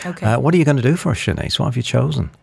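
A man hosting a live music show, chiming in with quick interjections and introducing the guests. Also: medium pitch, big pitch swings, vocal fry, breathy edge. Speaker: radio host.

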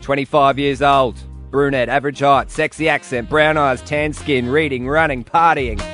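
A man's voice: mid-range voice, steady tone, normal speed, a bit bright, faint music behind. A man hosting a late-night radio show, punning and laughing often.

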